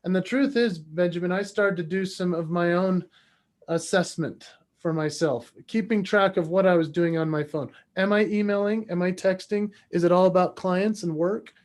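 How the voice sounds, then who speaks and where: High-voiced man telling an animated story. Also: moderate pace. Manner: acts out voices in his stories. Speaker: podcast guest.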